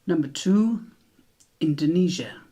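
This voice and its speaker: A man with a British accent hosting a quiz, reading each question slowly and repeating it, with chatty asides in between. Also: a little high, sing-song, dark tone, breathy edge. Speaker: quiz host.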